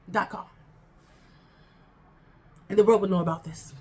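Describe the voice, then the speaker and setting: A woman's voice: mid-range voice, fairly even intonation, moderate pace, long pauses, slightly rough. A woman vlogger telling a storytime in an exasperated, emphatic, repetitive way. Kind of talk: casual storytime rant.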